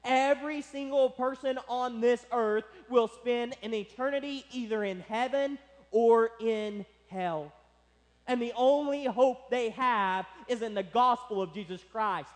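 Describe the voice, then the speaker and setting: A pastor preaching a sermon with emphatic stress, slowing down to press key words. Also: male voice, extremely high pitch. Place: church sanctuary. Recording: long hall reverb.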